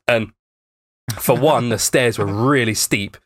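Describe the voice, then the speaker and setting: A young man tells a long story in casual podcast chat, rambling and full of fillers and swear words. His voice is mid-pitched and sits in a dry, close recording. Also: unhurried, a bit bright, no room sound.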